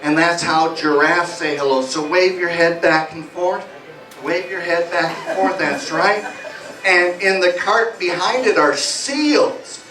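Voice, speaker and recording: A man's voice: high-pitched, unhurried. A man working as a stage hypnotist, playfully guiding volunteers through suggestions at a live comedy show in a small bar. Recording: echoey bar from far off, music behind.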